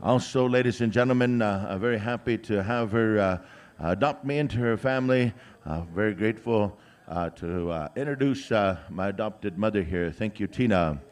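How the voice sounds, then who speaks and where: Joking male powwow emcee. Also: on the low side. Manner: drawn-out announcing of names, many "uh" fillers, joking asides. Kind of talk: live announcing with jokes. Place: outdoor powwow grounds.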